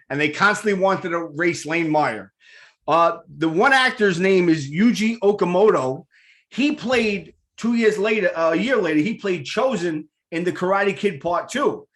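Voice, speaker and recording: A man's voice: sits high, fairly bright tone. A man hosting a talk show, chatting eagerly with a guest and rambling with repeated words. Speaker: radio show host. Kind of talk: enthusiastic casual interview.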